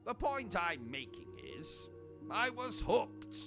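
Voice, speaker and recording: A man with a British accent hosting a gaming livestream, delivering pompous, insulting, deadpan absurd comedy. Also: high voice, takes it slowly, music in the background. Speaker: gaming streamer host. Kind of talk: comedic in-character livestream monologue.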